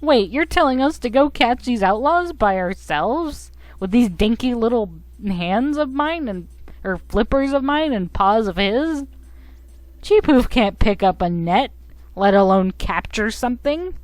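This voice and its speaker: A woman's voice: a little high, expressive, unhurried, dry recording. A timid young apprentice explorer from a game who talks with nervous hesitation, read by a woman. The recording is dry and close to the mic.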